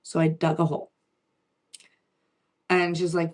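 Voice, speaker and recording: A woman's voice: deep voice, moderate pace, long pauses. A woman in her forties, a spiritual reader, telling a personal story in a chatty way with frequent restarts and asides.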